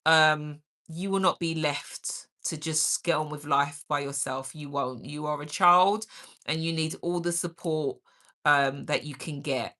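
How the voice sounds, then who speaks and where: A woman's voice: deep voice, fairly even intonation, measured pace, sharp tone. A middle-aged woman hosting a livestream, chatting energetically and caringly while reading out viewer comments. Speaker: livestream host.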